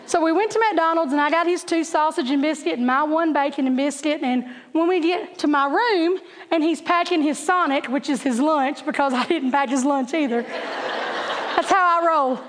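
A middle-aged woman, teaching a Bible class through chatty, animated stories with laughing asides. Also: sits high, brisk, long reverb tail. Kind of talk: storytelling Bible lesson.

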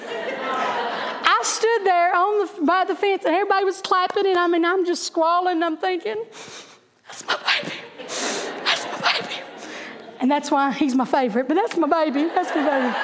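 A middle-aged woman, teaching a Bible class through chatty, animated stories with laughing asides. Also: very high voice, long reverb tail, background noise. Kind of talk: storytelling Bible lesson.

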